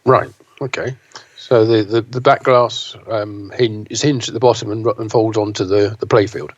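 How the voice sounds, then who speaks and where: A man's voice: on the low side, steady tone, normal speed, no room sound. A man co-hosting a casual podcast, wry and dry, often repeating his words. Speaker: podcast co-host, news site editor. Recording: dull dry recording.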